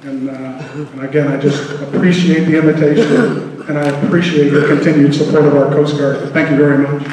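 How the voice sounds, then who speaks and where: A man, a Coast Guard officer, giving an earnest, measured speech to a public meeting. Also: fairly high pitch, fairly even intonation, noisy background. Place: large hall at a public meeting. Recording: echoey hall from far off.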